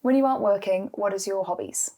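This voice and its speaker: A woman's voice: medium pitch, quick pace, dark tone. A young woman asking interview questions, lightly and with easy laughter. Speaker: interviewer in marketing.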